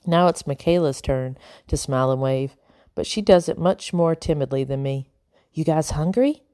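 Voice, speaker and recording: A woman narrating a children's storybook in a calm, even reading voice. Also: extremely low pitch, moderate pace, clean tone, no room sound, studio quality. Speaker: audiobook narrator.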